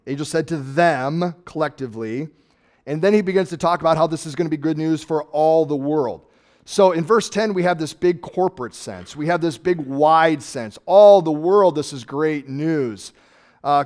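A man preaching a sermon in a conversational, reflective way, slowing down to stress key words. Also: fairly high pitch, darkish tone. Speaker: pastor.

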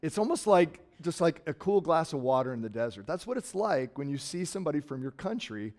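A middle-aged pastor from Nebraska preaches conversationally, swinging between loud emphasis and quiet, trailing words. His voice is fairly high and sing-song, and he talks briskly.

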